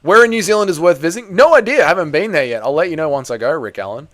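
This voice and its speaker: A man's voice: a little high, expressive, racing, fairly bright tone. A young man hosting a live fight watch-along, chatting casually and joking while answering the chat. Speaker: host.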